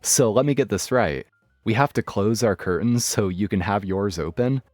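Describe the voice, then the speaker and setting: A man's voice: on the low side, moderate pace, a little mellow, dry recording. A man narrating online stories in a wry, matter-of-fact scripted style. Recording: dry studio voice with faint music. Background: faint background music.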